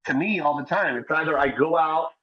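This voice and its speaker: In an interview, a middle-aged comedian and actor speaks earnestly and a little fast, his voice on the high side. He often asks "you know what I mean," and the audio sounds dull.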